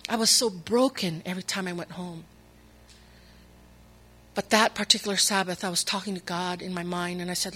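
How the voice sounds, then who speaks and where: A woman's voice: lowish voice, normal speed, long pauses, a bit bright, slight background noise. A woman telling a personal faith testimony in an earnest, emotional way, acting out the voices of people she quotes. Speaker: speaker sharing her testimony.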